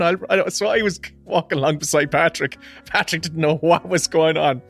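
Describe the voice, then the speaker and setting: This Irish podcast co-host spins a story in relaxed conversation, full of laughter and swearing. His fairly high, fairly bright voice is a bit creaky, moving at a normal speed with few pauses. The recording is dry, with soft background music.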